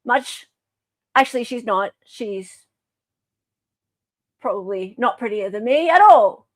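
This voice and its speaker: Australian woman, sarcastic livestream commentary, slow, dry sound. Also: a little high, animated, no echo. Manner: sarcastic, mocking, chatty. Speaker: true crime commentary host.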